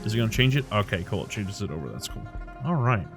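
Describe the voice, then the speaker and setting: A man hosting a Let's Play, chatting casually in a relaxed way while playing and reading the game text aloud. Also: fairly low pitch, fast talker, over music. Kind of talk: casual gameplay commentary.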